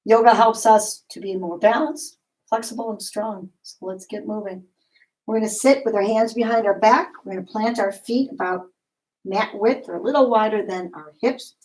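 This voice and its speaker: A woman leading a yoga class, giving calm, encouraging step-by-step cues. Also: medium pitch, moderate pace, rough recording. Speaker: yoga instructor. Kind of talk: guided yoga class instruction.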